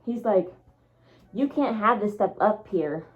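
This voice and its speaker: A young woman telling a story in a casual vlog, animated, acting out what people said with big jumps in her voice. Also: a little slow, narrow, tinny audio. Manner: animated, acts out quotes with big pitch jumps. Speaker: storyteller vlogger.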